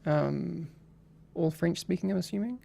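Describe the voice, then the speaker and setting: Male podcast host, gravelly tone, chatty anecdotal delivery with restarts. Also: on the high side, unhurried, mellow. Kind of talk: casual podcast chat.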